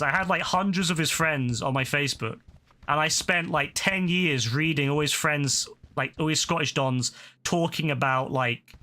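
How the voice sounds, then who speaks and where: A man's voice: fairly high pitch, sharp tone. A man chatting casually while streaming a game, rambling along and swearing freely. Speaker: gaming streamer. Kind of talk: casual chat while gaming.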